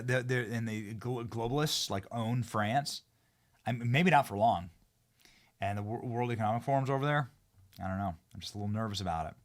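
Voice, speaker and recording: A man hosting a political commentary show, talking excitably with sarcastic asides. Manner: excitable, sarcastic, swings between loud outbursts and low asides.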